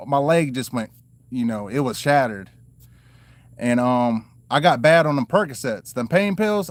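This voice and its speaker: A man's voice: medium pitch, no room sound. A man telling his own life story to the camera in a loose, rambling way, full of "you know" fillers and restarts. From Maryland and North Carolina, US.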